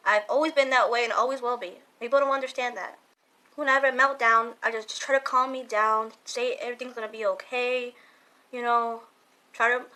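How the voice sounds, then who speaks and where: A young woman talks to her viewers in a casual question-and-answer vlog, earnest and halting, circling back and repeating her words. Her voice sits a little high and rings bright. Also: poor audio. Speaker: vlogger. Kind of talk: casual Q&A talk to camera.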